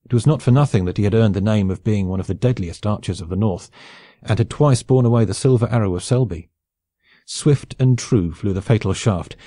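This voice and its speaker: A man narrating a classic novel as an audiobook in a measured, even storytelling delivery. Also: on the low side, no room sound, clean studio sound.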